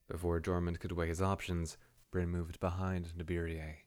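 A man narrating a fantasy story in a steady, measured way. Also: low voice.

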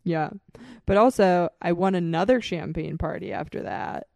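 A young woman co-hosting a podcast, telling wild stories in a profane, animated way and laughing often. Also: on the low side, moderate pace, vocal fry, dry recording. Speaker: podcast co-host. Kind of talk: casual chat, storytelling.

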